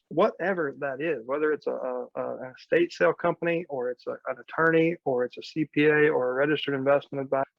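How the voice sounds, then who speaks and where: Gravelly, flat-voiced man coaching. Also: mid-range voice, no echo, highs cut off. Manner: conversational, practical advice with quoted asides. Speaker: real estate coach. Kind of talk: live training session.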